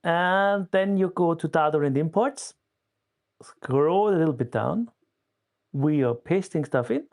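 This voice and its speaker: A man guest giving a casual, step-by-step walkthrough in a steady way of talking. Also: a little high, unhurried. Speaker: guest explaining a tool.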